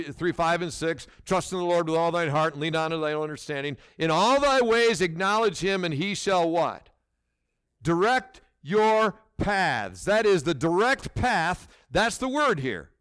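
A middle-aged male preacher delivers a sermon with a lively voice that rises and falls widely. His pitch sits a touch high for a man, and he throws rhetorical questions at his listeners and restarts phrases as he presses each point. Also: smooth. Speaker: pastor.

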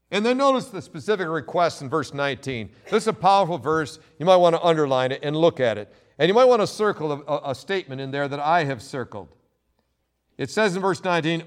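A male pastor preaching a sermon, reading scripture and swinging between loud emphatic quotes and quiet asides. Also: a little high, expressive, normal speed.

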